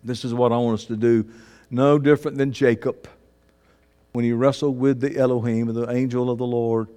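A male pastor preaching a sermon, swinging between fervent shouts and low, hushed emphasis. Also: flat delivery, moderate pace, smooth. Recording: long reverb of a large hall.

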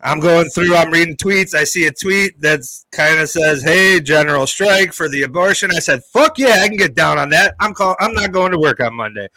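A man telling a story in casual chat, animated and heavy on swearing, like a podcast co-host. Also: a little high, moderate pace, hardly any pauses, no echo, rough recording.

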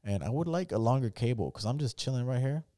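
Fast-talking young man, casual podcast host. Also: mid-range voice, animated, warm tone, dry recording, studio quality. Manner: loose, profane storytelling. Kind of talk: casual chat.

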